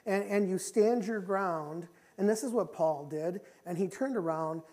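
A man's voice: high voice, measured pace. Impassioned male pastor preaching a sermon. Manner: impassioned, repetitive, swings between loud and soft; confessional, quiet when telling his own story.

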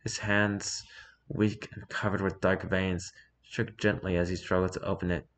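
A man with a lowish voice narrating a story aloud. His reading is calm and measured, letting the sentences settle.

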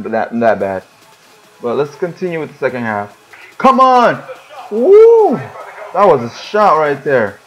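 On his gaming channel, a young man with a medium-pitched voice calls a football game live and excitably, yelling and groaning at the plays and complaining frequently. The recording sounds muffled.

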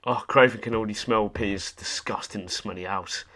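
A man's voice: lowish voice, steady tone, brisk, pushed and bright. A young man giving sarcastic, profanity-filled commentary while playing a video game. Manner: sarcastic, sweary running commentary. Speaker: gaming YouTuber. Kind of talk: gameplay commentary.

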